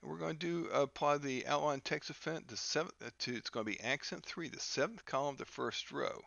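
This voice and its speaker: A man teaching a software lesson over a screen recording, talking haltingly with many fillers and restarts. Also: a little high, creaky, no room sound, lo-fi sound. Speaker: instructor.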